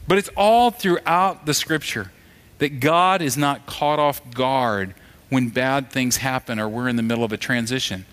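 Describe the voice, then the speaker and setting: A man's voice: mid-range voice, normal speed, fairly bright tone. Conversational storytelling preacher, a man. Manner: conversational storytelling preacher who acts out quoted voices. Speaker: pastor. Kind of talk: sermon.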